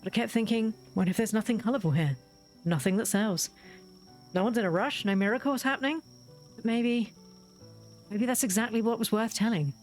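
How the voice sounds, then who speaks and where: Woman reading as a young female journalist, earnest, reflective, slightly high voice, faint music behind. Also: fairly quick, long pauses, a little mellow, close to an everyday voice.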